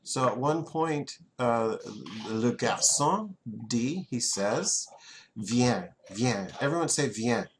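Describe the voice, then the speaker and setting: A man's voice: mid-range voice, expressive, slow, few pauses. Man, French teacher, classroom, casual and chatty. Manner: chatty, repeats words for students to echo.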